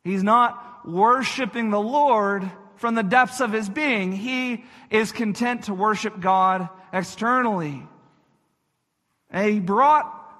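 A man's voice: high-pitched, slow, sharp tone. A man pastor giving an earnest sermon, repeating phrases for emphasis and speaking directly to his listeners. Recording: echoey hall reverb.

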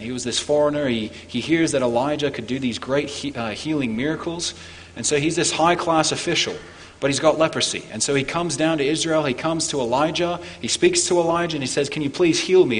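A man preaching a Christmas sermon as pastor, earnest, climbing for emphasis and falling low and quiet on key points. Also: brisk, long reverb tail. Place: church.

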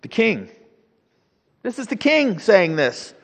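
High-voiced man teaching Bible class. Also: slow pace, creaky, long reverb tail. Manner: animated, preacherly, chuckles now and then. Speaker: Sunday school teacher. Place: church classroom.

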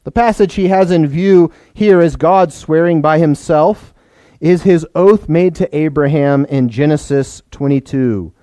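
A man's voice: fairly high pitch, a little slow, warm tone, no echo. A man preaching a sermon to his church, explaining plainly and putting questions to the children. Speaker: pastor.

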